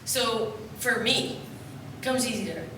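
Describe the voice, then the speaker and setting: On a theater stage, a festival poet from upstate New York rambles through comic stories, chatting, joking, and tossing out loose asides. Her fairly high voice moves at normal speed, captured by a distant mic in an echoey room with background noise.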